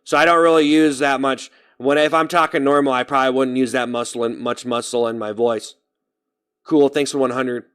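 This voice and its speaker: Brief: young male streamer, smooth clear voice, middle pitch, loose rambling chat. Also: steady tone, fairly quick, a bit bright. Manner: rambling, thinks aloud about his own speaking voice. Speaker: live streamer. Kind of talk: casual livestream chat.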